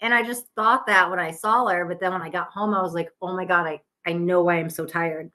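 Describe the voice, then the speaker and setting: Psychic host, woman, lower voice, worn out, earnest rambling chat on a live stream. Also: steady tone, fairly quick. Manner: chatty and earnest, many restarts, gentle guiding talk. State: tired. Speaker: psychic tarot reader hosting a live stream.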